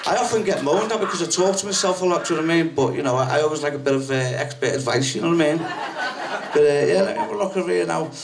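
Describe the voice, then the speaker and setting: A man's voice: fairly high pitch, lively intonation, racing, vocal fry. Rambling Scouse man doing stand-up. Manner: rambling, forgetful persona, frequent "you know what I mean". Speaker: amateur stand-up comedian. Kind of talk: stand-up comedy set. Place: packed comedy night venue. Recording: distant mic, loud noise.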